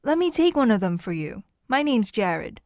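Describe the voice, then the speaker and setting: A woman's voice: mid-range voice, sing-song, moderate pace, darkish tone, no echo. Woman narrator doing a friendly teen boy, lightly voiced, close dry read. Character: friendly teenage boy classmate, easygoing.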